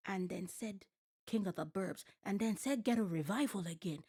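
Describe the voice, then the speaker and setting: Husky and mid-range, her voice keeps a moderate pace. The streamer, at home at night, gets animated reacting to a TV show, cursing and ranting at the screen in casual, profane chat.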